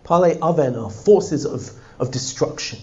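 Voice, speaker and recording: Male teacher leading a text study class, lively and questioning, slightly high pitch, muffled lo-fi recording. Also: normal speed. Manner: animated, often asks the class questions. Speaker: Torah teacher.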